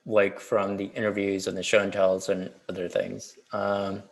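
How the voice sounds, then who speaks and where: A man, a festival organizer, chatting casually on a video call with a relaxed, rambling manner and frequent laughs. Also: fairly low pitch, moderate pace, vocal fry.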